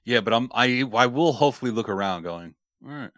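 A man's voice: mid-range voice, animated, fairly quick, fairly bright tone, no room sound, studio quality. A man co-hosting a casual podcast, playful and riffing on jokes and bits. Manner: playful, riffs on bits and bad impressions. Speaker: podcast co-host.

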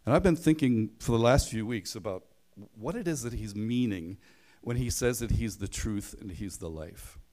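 A man's voice: lowish voice, expressive, moderate pace, mellow. A man preaching a sermon in a conversational way, leaning hard on key phrases and stumbling over the odd restart.

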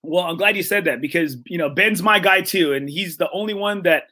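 A man with a high, bright voice, hosting a relaxed conversation. He tells stories in an animated way, acts out what people said, and keeps checking in with his listener. Fillers and restarts run all through his talk. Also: a little fast. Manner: animated, acts out quotes with many fillers and "right?". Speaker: podcast host. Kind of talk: casual storytelling chat.

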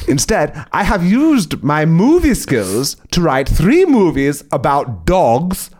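A man reading absurd comic stories aloud, excitable and swearing, laughing at his own jokes. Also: fairly high pitch, takes it slowly, soft background music. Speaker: comedian storyteller. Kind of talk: comic story reading on a podcast.

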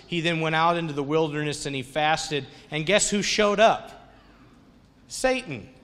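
Male pastor, conversational sermon delivery, lively storytelling; hall reverb. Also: a little high.

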